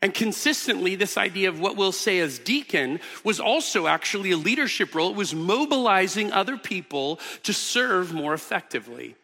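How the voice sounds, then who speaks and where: A man's voice: on the high side, bright, forceful tone, long reverb tail. A man preaching a sermon as pastor, teaching earnestly with emphatic repetitions in a church auditorium.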